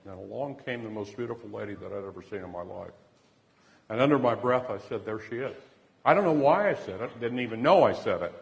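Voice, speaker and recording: Man, low voice, earnest storytelling, loud then hushed, long reverberant hall. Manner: earnest, swings from loud bursts to hushed near-whispers. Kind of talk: personal anecdote.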